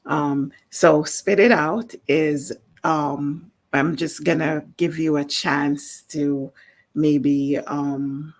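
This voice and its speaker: Slow gravelly Jamaican woman teaching. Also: deep voice, fairly even intonation. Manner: slow, explanatory, with many fillers. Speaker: language teacher. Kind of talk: live-streamed language lesson.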